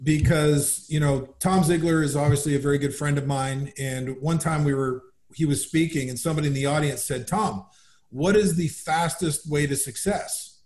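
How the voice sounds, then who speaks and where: A man's voice: a little high, normal speed. Upbeat man in a roomy echo. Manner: upbeat, animated storyteller. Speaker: guest, business founder. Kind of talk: conversational storytelling.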